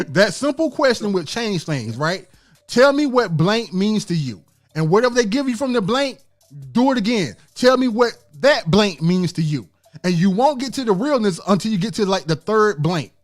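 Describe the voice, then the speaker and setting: High, lively man hosting a podcast. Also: moderate pace, soft background music. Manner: laughing, stumbling through points. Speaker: podcast host. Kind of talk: casual podcast chat.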